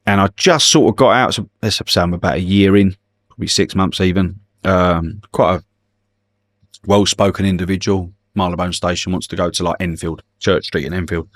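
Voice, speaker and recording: A man's voice: deep voice, fairly even intonation, a little fast, fairly bright tone, no echo. A middle-aged man, telling swearing-laced anecdotes in a podcast interview and slipping into the voices of his passengers. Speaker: guest comedian and former cab driver.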